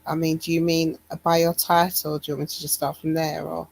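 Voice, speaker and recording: A woman with a lowish voice and plenty of vocal fry joins a casual panel. She answers calmly and briefly. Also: fairly quick, low-quality recording. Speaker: panel guest.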